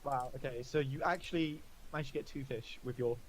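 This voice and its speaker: A man's voice: medium pitch, brisk, rough recording. A man narrating as game master in a tabletop game, hesitant and full of fillers. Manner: hesitant, filler-heavy, laughing often.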